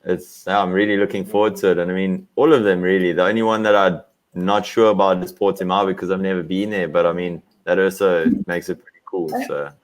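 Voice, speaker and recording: A young man from South Africa, a racer answering questions in a relaxed video-call interview, easygoing and quick to laugh. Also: low-pitched. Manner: easygoing, laughs often, filler-heavy. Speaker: guest, racer.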